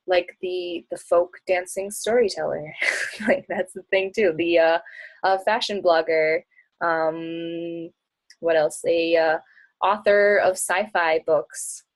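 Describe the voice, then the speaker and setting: A young woman talking casually as a travel blogger and coach, chatty and bubbly, often laughing and acting out bits of dialogue. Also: fairly low pitch. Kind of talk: casual talk answering audience questions.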